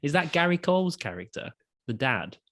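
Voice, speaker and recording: A man's voice: fairly high pitch, big pitch swings, moderate pace, a bit bright. A young man co-hosting a casual film review podcast, rambling through his points with lots of swearing and restarts. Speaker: podcast co-host.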